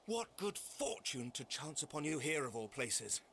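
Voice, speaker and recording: A man voicing an earnest, formal nobleman who leads a holy city, speaking in measured, courtly phrases. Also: fairly high pitch, sing-song, fairly bright tone, slight background noise, full character voice. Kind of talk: formal game dialogue. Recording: game audio with faint music. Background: faint game music.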